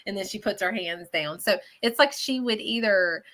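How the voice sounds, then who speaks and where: Woman psychic, bright, forceful tone, chatty and reassuring. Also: mid-range voice, normal speed. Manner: chatty and animated, often checking in with "okay?". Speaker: psychic medium giving live readings. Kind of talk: live radio show reading.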